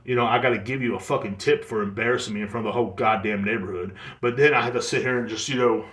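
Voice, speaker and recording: A man hosting his own podcast, ranting in a profane, exasperated comedic monologue with quick mimicked asides. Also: fairly low pitch, fairly even intonation, fairly bright tone, roomy sound. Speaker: podcast host. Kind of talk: solo comedic rant.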